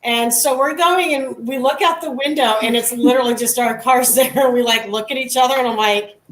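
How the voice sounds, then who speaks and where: Woman, guest investigator, animated storyteller, roomy sound, far from mic. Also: high voice, a little fast. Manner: animated, laughs while telling stories. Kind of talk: casual storytelling.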